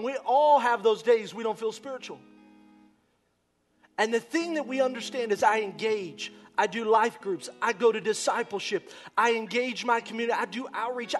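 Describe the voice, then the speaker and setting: Impassioned high-voiced male pastor preaching. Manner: impassioned, swinging from shouts to near-whispers. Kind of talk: sermon.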